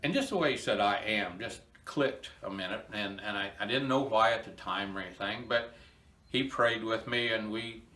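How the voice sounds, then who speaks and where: A man's voice: lowish voice, normal speed, bright, forceful tone, reverberant. An older man telling a personal story of faith in an earnest, folksy and emotional way, recorded in a barn. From Indiana, USA. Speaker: inspirational storyteller. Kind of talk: personal testimony talk.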